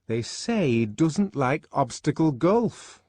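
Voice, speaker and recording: A man's voice: a little high, very animated, takes it slowly, darkish tone, no echo, pitched above the performer's own voice, full character voice. A man voicing a prim, disapproving young woman friend who sounds worried and scandalized.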